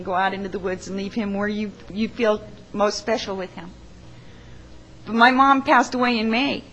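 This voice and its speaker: A woman who works as a funeral arranger, sharing an earnest, emotional testimony in church, halting at times. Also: a little high, fairly bright tone, poor audio.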